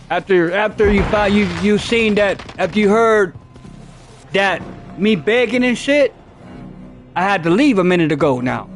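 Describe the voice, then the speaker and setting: A man's voice: high-pitched, animated, a little slow, long pauses, faint music behind. A man streaming a game, telling a rambling, profane story and repeating himself as he goes. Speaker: gaming streamer. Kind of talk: casual storytelling while gaming.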